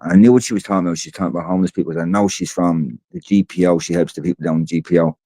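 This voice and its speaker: A man's voice: low voice, fairly even intonation, racing, no echo. A man chatting casually on a podcast, telling stories with plenty of swearing and acted-out quotes. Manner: swearing, storytelling with loud re-enacted quotes. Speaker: podcast co-host. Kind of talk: casual chat.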